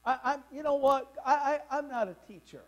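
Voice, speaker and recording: High-voiced fervent preacher in his sixties. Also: a little fast, a bit bright, dull audio. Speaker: pastor. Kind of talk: sermon. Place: church.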